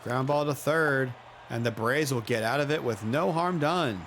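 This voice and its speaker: A man in his thirties doing casual play-by-play of a baseball video game, chatty and joking, with excited outbursts. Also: mid-range voice, moderate pace, noisy background. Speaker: play-by-play commentator.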